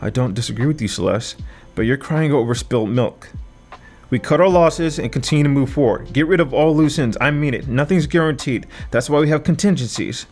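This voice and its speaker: A man voicing a stern, commanding woman leader who speaks firmly and in measured tones in an audiobook. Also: medium pitch, a little mellow, faint music behind, close to an everyday voice. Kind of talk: audiobook character voice.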